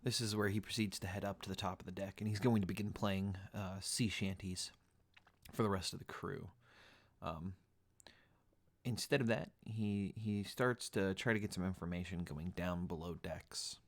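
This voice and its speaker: A man's voice: sits low, steady tone, moderate pace. A man casually explaining the choices he made as game master in recorded commentary. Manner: casual, explanatory, some fillers.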